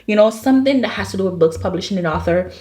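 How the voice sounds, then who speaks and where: Speaking at a racing clip, a young woman gives a casual book review from home near the kitchen, where the room echoes. She is bubbly and animated, rambling with many fillers and laughs, in a mellow, medium-pitched voice.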